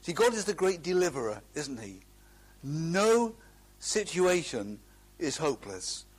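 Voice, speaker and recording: A man's voice: fairly high pitch, big pitch swings, measured pace, breathy edge. A middle-aged man preaching a sermon, earnest and emphatic, drawing out key phrases and often restarting.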